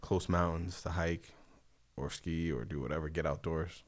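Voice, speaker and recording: A man from the East Coast, a podcast guest, talking in relaxed, reflective casual chat with casual slang. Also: sits low, normal speed. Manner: relaxed, reflective, says dope and tight.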